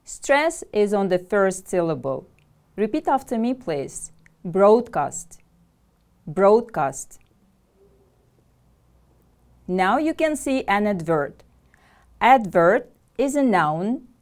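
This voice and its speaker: Slow, careful woman teacher. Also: mid-range voice, very animated. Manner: clear, careful pronunciation with drilled repetitions. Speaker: English language teacher. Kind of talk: slow, deliberate classroom instruction.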